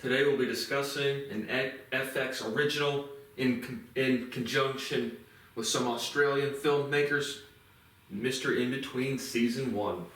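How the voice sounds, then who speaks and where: A man's voice: medium pitch, fairly even intonation, unhurried, a bit bright. A man giving a casual spoken television review, rambling with many restarts and fillers and some swearing. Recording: echoey room, mic at a distance.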